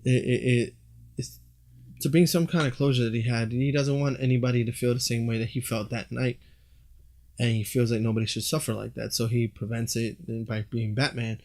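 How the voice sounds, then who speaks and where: Calm explaining man, mid-pitched voice. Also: a little fast. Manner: calm, explanatory, finishes his partner's sentences. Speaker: comic book podcast co-host. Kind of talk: casual chat.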